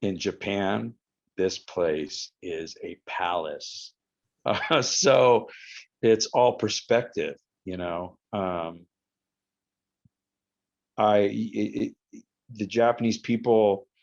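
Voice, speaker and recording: A man in his fifties telling a story as a podcast guest, in an animated and profane way. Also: lowish voice, extremely slow, pauses often, muffled recording. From United States. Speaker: podcast guest, retired wrestler. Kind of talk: casual storytelling interview.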